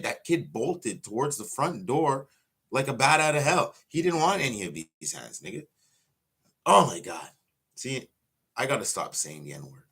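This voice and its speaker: Blunt, profane man with a bright voice. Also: medium pitch, slightly rough. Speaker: pro wrestler. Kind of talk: casual livestream rant.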